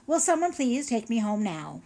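A woman's voice: fairly high pitch, very animated, normal speed, vocal fry, dark tone, heavily acted. A woman voicing a grumpy old male pike fish who grumbles impatiently. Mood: fed up.

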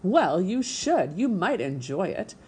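A woman voicing a dramatic, show-off female opossum with a high, theatrical manner. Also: sing-song, slow pace, mellow, husky, heavily acted. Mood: enthusiastic.

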